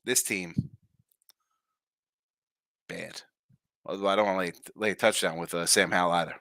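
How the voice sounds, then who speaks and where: A man's voice: fairly low pitch, moderate pace, pauses often, pushed and bright, no room sound, studio quality. A man hosting a live sports betting show, giving brash, jokey picks and chatting with viewers in the comments.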